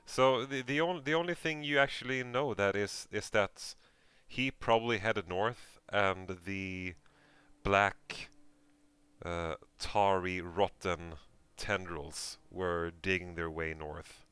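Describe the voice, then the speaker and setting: A man narrating a tabletop game as game master, in a casual, halting way with many fillers. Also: deep voice, fairly bright tone, clean tone, no echo.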